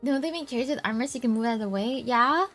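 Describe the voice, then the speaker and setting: A woman's voice: on the high side, fast, a bit bright, soft background music. A young woman chatting casually on a livestream, rambling, teasing herself and laughing often. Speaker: VTuber streamer.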